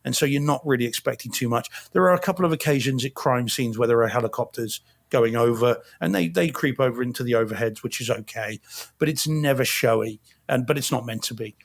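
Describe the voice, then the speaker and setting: A man talking through a film review in a relaxed podcast chat. He speaks at a middling pitch, full of ums, small restarts and easygoing asides. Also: fairly quick, gravelly. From not from Boston. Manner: chatty, many fillers and restarts. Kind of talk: casual chat.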